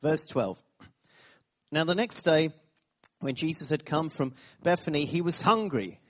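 A man's voice: on the high side, unhurried. A man preaching a sermon, telling stories with laughing asides, repeated phrases and sudden bursts of emphasis. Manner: animated storytelling, laughing asides, repetitions.

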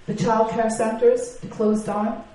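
Irish woman preacher, lively sermon delivery full of rhetorical questions, heard from a distance in a very echoey hall with faint background hiss. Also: fairly high pitch, slow pace. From Northern Ireland or Ireland, living in Britain. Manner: animated preaching, rhetorical questions, acted-out quotes.

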